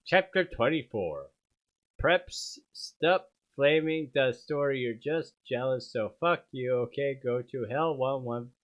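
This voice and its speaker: A man's voice: medium pitch, lively intonation, slow. A man doing a comedic dramatic reading, with sardonic asides and laughter at the text. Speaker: streamer reading aloud. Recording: dull lo-fi stream audio.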